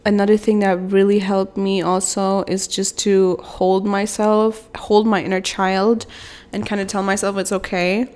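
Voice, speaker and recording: A young woman shares her thoughts in a personal self-help vlog. Her voice is smooth and clear at a middle pitch, and she talks in a soft, rambling, confessional way full of fillers. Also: level tone, unhurried. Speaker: vlogger, mother.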